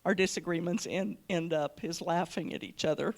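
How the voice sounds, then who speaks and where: A woman's voice: fairly low pitch, moderate pace. An older woman telling a family anecdote in an amused way, laughing often as she talks. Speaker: panel guest.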